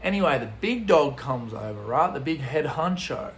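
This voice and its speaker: An Australian man vlogging an animated travel story in laid-back slang, swearing freely. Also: medium pitch, moderate pace, a little hiss or hum. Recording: roomy echo.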